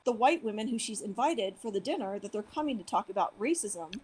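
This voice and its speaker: A woman in her forties telling a story as a podcast guest, animated, acting out the people she quotes with jumps in pitch. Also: a little fast, slightly rough, poor audio. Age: 40s. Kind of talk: casual storytelling interview.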